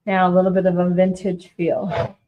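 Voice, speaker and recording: The audio is dull and very noisy, carrying a fairly low female voice with a completely flat delivery at a moderate pace. She's a shop owner hosting a casual live DIY painting demonstration, chatting upbeat and directly with viewers, calling them by name.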